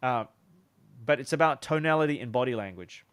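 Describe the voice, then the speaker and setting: A man's voice: mid-range voice, animated, a little fast, fairly bright tone, clear, resonant tone, dry recording. A young man teaching sales in a loose, chatty way, often restarting his sentences. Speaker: sales coach. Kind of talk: casual teaching talk.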